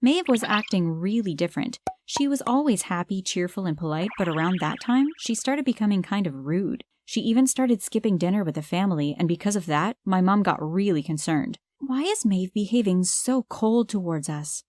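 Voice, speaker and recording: A woman narrating an animated story in a brisk, earnest way. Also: fairly low pitch, dry recording.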